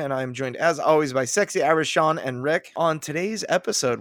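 Man, podcast host, casual chat, gravelly voice, dry close sound, energetic. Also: fairly high pitch, brisk, hardly any pauses, dry recording. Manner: energetic and chatty, with frequent restarts.

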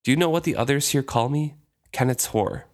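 A man reading aloud as a weary, bitter young courtesan who speaks in a quiet, flat, pleading voice. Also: mid-range voice, fairly quick, voice pushed up, lightly acted.

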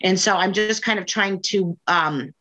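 A woman's voice: mid-range voice, unhurried, sharp tone. A woman in her forties talking candidly in a casual conversation, rambling and frank, with lots of fillers. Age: 40s.

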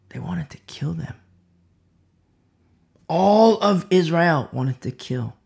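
A man preaching a verse-by-verse sermon who swings from loud emphasis to hushed whispers and repeats key phrases for weight. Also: sits high, creaky. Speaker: preacher leading a Bible study.

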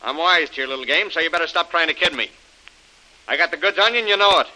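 A man's voice: on the high side, lively intonation, quick pace, bright, forceful tone, rough recording. An actor playing a menacing male villain in 1940s radio drama, talking in a threatening tough-guy manner.

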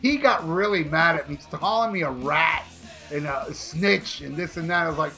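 Podcast co-host, man, rambling and profane, bright forceful tone, slightly high voice, faint music behind. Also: normal speed, vocal fry. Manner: animated, profane, rambling with restarts. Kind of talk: casual podcast storytelling.

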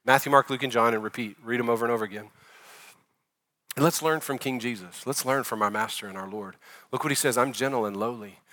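A male pastor in his forties delivering a sermon in a bright, forceful voice. He preaches conversationally, pushing some phrases out loud and letting others fall to a near hush. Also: mid-range voice, fast talker. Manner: conversational preaching, rising loud for emphasis then dropping soft.

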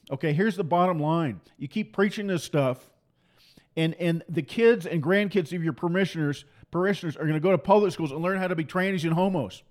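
A man preaching a fiery political sermon to pastors, forceful and repetitive, full of mocking rhetorical questions. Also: fairly high pitch.

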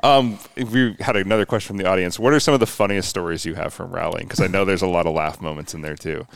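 A man hosting a casual interview, talking in quick, chatty bursts and passing on audience questions. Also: deep voice, steady tone, vocal fry, no room sound. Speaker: podcast host.

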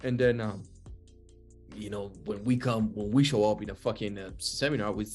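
A man's voice: on the low side, steady tone, moderate pace, faint music behind. A man hosting a casual podcast chat, rambling and profane, laughing often as he asks questions.

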